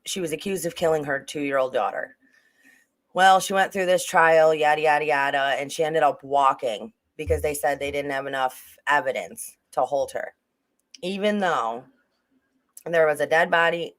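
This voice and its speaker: A livestream host talks through a true-crime case in a loose, rambling way. The speaker often restarts sentences and breaks off to answer the chat. The voice sits at a middle pitch. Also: a bit bright.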